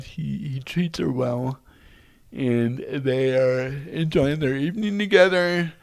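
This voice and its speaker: Gravelly guy talking slow, earnest faith stuff, kinda high voice. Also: darkish tone, dry recording. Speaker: guest speaker. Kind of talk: storytelling in a podcast interview.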